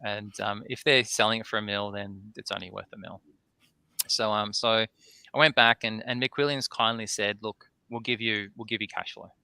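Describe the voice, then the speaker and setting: A man with a gravelly, fried edge tells a long story as a podcast guest, his delivery pushed and forceful. He plays out both sides of remembered conversations. He keeps tagging his sentences with "right?". The sound is close and dry. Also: lowish voice, moderate pace, dry recording. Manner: animated anecdote-telling, tags sentences with "right?". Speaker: distillery owner, podcast guest. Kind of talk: casual storytelling in a podcast interview.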